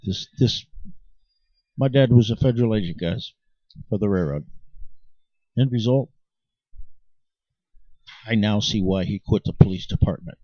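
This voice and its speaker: Unhurried and mellow, a low-leaning male voice leaves long pauses as the channel host insists passionately to his viewers, frequently restarting what he says. His manner is emphatic and insistent. The sound is dull, dry lo-fi.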